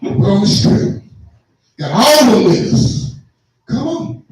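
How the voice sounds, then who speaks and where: A man doing a loud, animated, raunchy stand-up set on a comedy venue stage. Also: high-pitched, slow, distant mic. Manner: loud, animated, acts out his mother. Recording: echoey live room, mic from afar, crowd noise.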